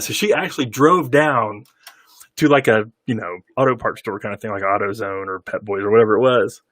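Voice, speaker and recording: A man's voice: fairly low pitch, a little fast, a bit bright, no echo. A man hosting a casual chat, telling stories animatedly and laughing often. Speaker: host.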